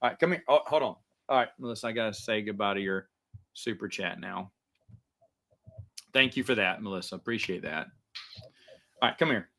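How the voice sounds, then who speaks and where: A man chats casually on his livestream and answers viewer questions off the cuff. His voice sits low but has a bright, forward edge. He rambles, stammers and restarts his sentences as he goes. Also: a little fast, long pauses.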